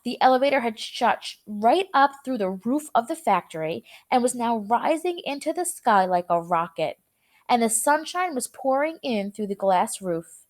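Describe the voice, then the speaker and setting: A young woman teacher reading a chapter aloud to her students and explaining words in a casual, chatty way. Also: on the high side.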